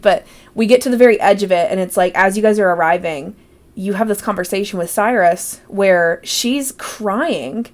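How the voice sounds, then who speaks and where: Animated woman game master recapping. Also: mid-range voice. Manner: animated, acts out quoted lines. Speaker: game master and interview host. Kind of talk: casual chat recapping a tabletop game.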